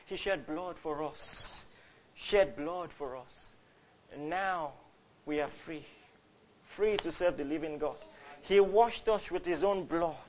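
A man, preaching a fervent, storytelling sermon. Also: fairly high pitch. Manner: fervent, builds to loud cries, storytelling.

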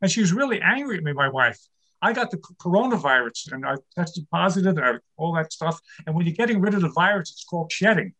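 A man's voice: fairly high pitch, animated, fast talker, bright, forceful tone. An older man performing a stand-up comedy set, telling wry, self-deprecating jokes about his marriage.

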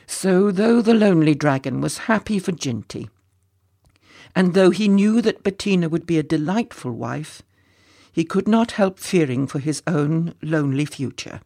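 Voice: medium pitch, animated, moderate pace, vocal fry, warm tone. A storyteller reading a children's story aloud, with playful, chatty asides to the listeners. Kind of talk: storybook narration.

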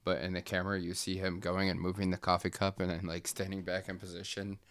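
Deep-voiced man telling a story. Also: monotone, fast talker, fairly bright tone, smooth, no echo. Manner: casual, rambling. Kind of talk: improvised comedic storytelling.

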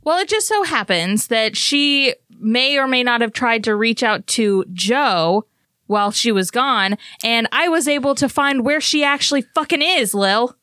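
A woman's voice: a little high, lively intonation, measured pace, pushed and bright, no echo, studio quality. A woman voicing an angry, betrayed young woman who swears and accuses bluntly. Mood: accusing.

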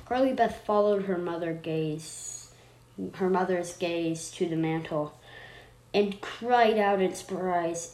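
Woman reading a horror story, slow, self-correcting, echoey room. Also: fairly low pitch, a little mellow. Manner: unpolished, stops to correct herself. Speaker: story reader. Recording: roomy echo, faint noise.

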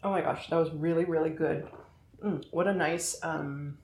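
A woman's voice: low voice, fairly even intonation, normal speed, a little mellow, reverberant, a little hiss or hum. A middle-aged woman hosting a podcast in casual chat, talking between bites and poking fun at herself. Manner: chatty and self-deprecating, talking between bites. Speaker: podcast host. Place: home kitchen.

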